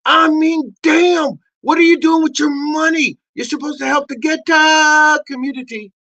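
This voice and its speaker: A man voicing a crude, brash male dog who rants and shouts in a comedy podcast bit. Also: very high-pitched, fairly even intonation, unhurried, pitched above the performer's own voice, exaggerated voice. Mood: ranting.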